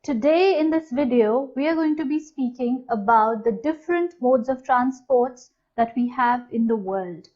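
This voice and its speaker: A woman teaching a language lesson, saying each new word slowly and clearly and then repeating it. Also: high voice, a little mellow. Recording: dull, slightly lo-fi sound.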